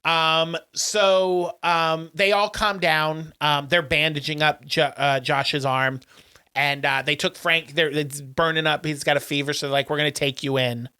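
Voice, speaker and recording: Brief: male podcast co-host, bright tone, animated plot recap full of filler words. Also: a little high, measured pace, clean tone. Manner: animated storyteller, acts out lines, many "um"s. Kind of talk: casual chat, recapping a movie plot.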